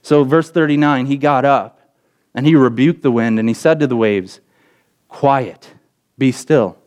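A young adult man, a pastor, preaching a sermon and telling a story with lively acted quotes. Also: normal speed, clean tone. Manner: storytelling with acted quotes, pitch jumping up in excited parts.

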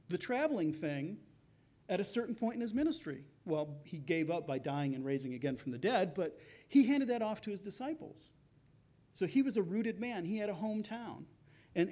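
A man's voice: sits high, darkish tone. A man preaching a sermon as pastor, in a conversational way, acting out the voices of the people in his story.

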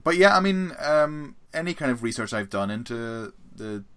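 A young man co-hosting a casual film podcast, rambling and animated as he talks, with bursts of laughter. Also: mid-range voice, normal speed, clean tone. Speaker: podcast co-host. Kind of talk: casual chat about horror films.

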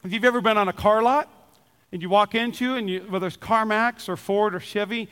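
A pastor from Minnesota preaching a sermon with humorous stories, repeating key lines for emphasis. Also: male voice, high-pitched, steady tone, a little fast, fairly bright tone, smooth, in a large hall. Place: church.

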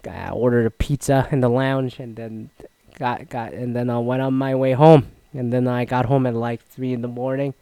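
A young man casually recounting a solo trip, rambling and swearing, with loud mock-outraged outbursts. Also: mid-range voice, steady tone, moderate pace, no echo. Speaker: vlogger recapping a solo trip. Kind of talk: casual profane storytelling.

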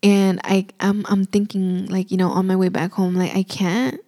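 A woman's voice: mid-range voice, monotone, moderate pace, dark tone, no echo, studio quality. A young woman and new mother telling a personal story in a casual, emotional way, full of "like" and "you know".

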